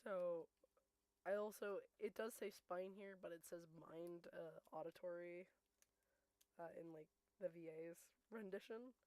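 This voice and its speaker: A young woman streaming a game, chatting casually and excitedly, laughing often and swearing. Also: fairly low pitch, a little slow, no room sound. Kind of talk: casual let's-play commentary.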